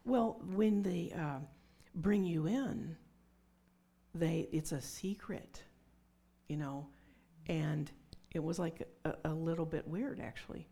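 Low-voiced woman preaching a sermon. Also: takes it slowly, gravelly, warm tone. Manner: conversational, confiding, drops to whispers for emphasis. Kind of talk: sermon with personal testimony.

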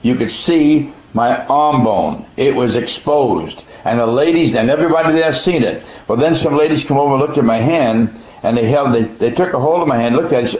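A man gives a personal testimony in a plainspoken, folksy way, earnest and emphatic, often stumbling and restarting. His ordinary mid-pitched voice has lively intonation, a brisk pace with few pauses, and a darkish tone. The recording sounds dull and muffled, with noticeable room echo.

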